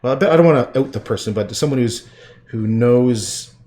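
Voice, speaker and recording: A middle-aged man from Canada chatting casually while painting, with rambling, profane asides that often trail off quietly. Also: mid-range voice, a little fast, slight background noise. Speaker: livestreaming painter.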